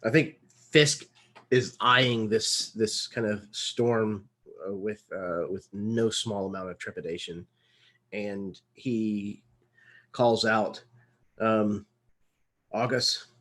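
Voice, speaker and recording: A man's voice: fairly low pitch, steady tone, slow pace, a bit bright. A man playing a tabletop game, narrating his character's reactions. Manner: hesitant, polite. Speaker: player. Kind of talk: tabletop role-play narration.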